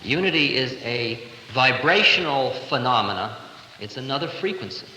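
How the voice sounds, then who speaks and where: A man in his thirties, a spiritual teacher, gives a playful, conversational lecture recorded live in a large hall in 1970. His mid-range voice has lively intonation and a pushed, bright quality at normal speed, with a little hiss or hum on the tape.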